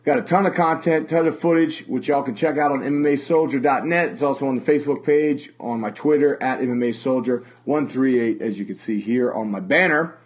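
A man's voice: medium pitch, fairly quick, few pauses. A man who hosts a podcast and sings metal, talking casually in a rambling, profane way with many fillers and restarts. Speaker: podcast host and metal vocalist. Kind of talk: casual conversation. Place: lives in Las Vegas.

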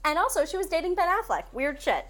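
A woman chatting casually as a podcast co-host, rambling through anecdotes with quick asides. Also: very high-pitched, very animated, crowd noise. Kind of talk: casual chat about the Oscars.

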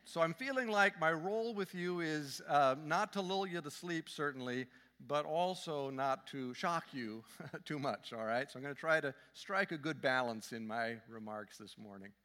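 A man preaching as a guest speaker, friendly and joking as he talks to the congregation. His voice is bright and forward, and a long reverb hangs in the church around him. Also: fairly high pitch, normal speed. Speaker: guest speaker, fundraising consultant. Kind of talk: sermon with humor. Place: church sanctuary.

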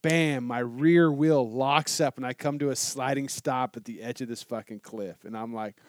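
A man telling a motorcycle story in casual chat, animated and swearing a lot. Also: medium pitch, normal speed, no room sound. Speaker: guest telling a travel story.

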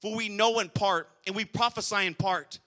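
High, piercing-voiced preaching pastor. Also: male voice, normal speed, bright, forceful tone, long reverb tail. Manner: emphatic preaching with repetition and calls to the congregation. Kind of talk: sermon.

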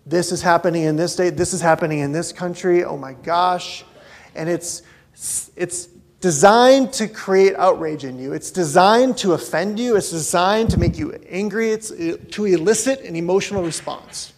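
Guy preaching a sermon, kinda high voice with lots of gravel, gets loud then drops to quiet. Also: normal speed. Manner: acts out quoted voices, swings between loud and hushed. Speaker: pastor. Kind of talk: conversational sermon.

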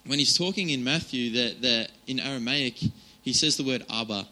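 A man's voice: medium pitch, moderate pace, pushed and bright, poor audio. A man giving an informal, chatty sermon, with many fillers and restarts. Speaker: preacher.

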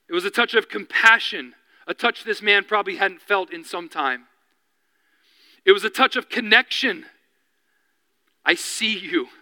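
A man's voice: high voice, pushed and bright, long reverb tail. A man preaching a sermon as pastor, earnest and building to impassioned appeals.

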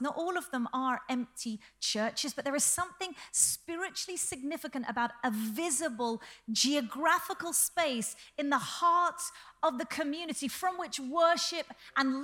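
A woman delivers a sermon as senior pastor with a high voice. She preaches earnestly and with energy, and she slips in light jokes. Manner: lively, humorous, earnest preaching.

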